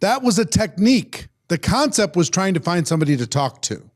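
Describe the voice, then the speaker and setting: A man's voice: high voice, big pitch swings, a little fast. A man hosting a business event, giving an emphatic, preachy motivational talk from Minnesota. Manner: emphatic, preachy, repetitive phrasing. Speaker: event host. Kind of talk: motivational speech.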